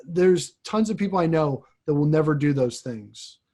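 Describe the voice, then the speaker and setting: Reflective man, slightly high voice, halting. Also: lively intonation, warm tone. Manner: reflective, halting, frequent restarts. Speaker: priest. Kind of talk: casual conversation.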